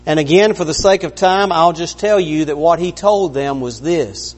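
A man's voice: fairly high pitch, normal speed, hardly any pauses. A man preaching an earnest, conversational sermon, acting out the lines he quotes. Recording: long reverb of a large hall.

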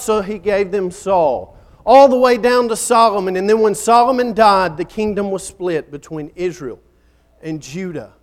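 A man's voice: high voice, normal speed. A man preaching a sermon in a dramatic style, building up and then falling nearly silent at the ends of phrases.

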